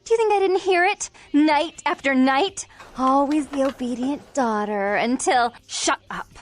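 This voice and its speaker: A woman's voice: high-pitched, unhurried, faint music behind. A woman voicing two feuding vampire sisters in a video game, contemptuous and dramatic. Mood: furious.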